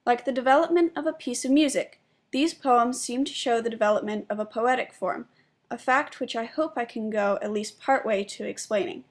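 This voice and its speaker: A young woman reading a spoken essay aloud in a measured, explanatory way, presenting her own analysis of poetry. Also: fairly high pitch. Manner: measured and explanatory, stressing syllables when demonstrating meter.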